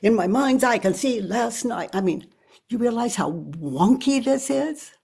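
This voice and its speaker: Her voice is a little high and expressive, yet very husky and breathy with a gravelly texture; she is an older woman and spiritual teacher leading a guided self-inquiry. Moving slowly and reflectively, she pauses to think out loud and often lets her voice fall to a hush.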